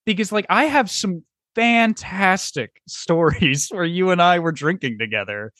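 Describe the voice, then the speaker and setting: A man's voice: sits high, lively intonation, unhurried, bright, forceful tone, no room sound, clean studio sound. A young man hosting a casual podcast, telling a rambling story and swearing freely as he acts out his friends. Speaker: podcast host.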